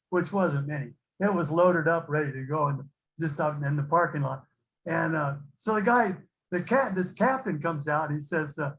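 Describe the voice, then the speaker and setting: At an online recovery meeting, an older man with a fairly high voice shares his recovery story, rambling and laughing as he acts out the people involved. The recording quality is rough.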